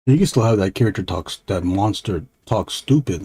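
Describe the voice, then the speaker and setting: An artist hosting a drawing stream chats casually while he draws, joking and rambling off on playful tangents. His voice is low, dark and slightly rough, at a normal speed with hardly any pauses.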